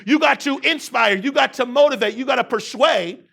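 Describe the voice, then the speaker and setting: Keynote speaker, man around forty: high bright voice, rousing call-and-response delivery. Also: normal speed, gravelly. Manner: repetitive preaching cadence. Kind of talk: motivational keynote speech. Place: university event hall.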